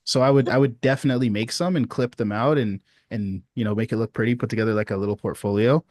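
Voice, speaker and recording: A man giving casual sales advice on a video support call, relaxed and chatty, often asking "you know what I mean?". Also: mid-range voice, quick pace, dry recording, clean studio sound. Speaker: sales coach.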